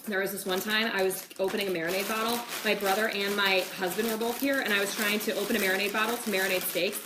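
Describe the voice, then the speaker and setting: A woman's voice: medium pitch, fairly even intonation, fast talker. Young woman chatting thru a cooking demo at home, roomy echo, bit of background noise. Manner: chatty, lots of "like" and "okay". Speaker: cooking show host. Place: home kitchen. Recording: echoey kitchen with faint noise.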